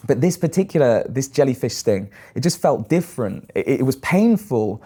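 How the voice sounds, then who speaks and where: A British man in his thirties telling animated stories in a casual interview. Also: mid-range voice, normal speed, slightly rough. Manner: animated storyteller, acts out quoted voices. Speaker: guest, long-distance swimmer.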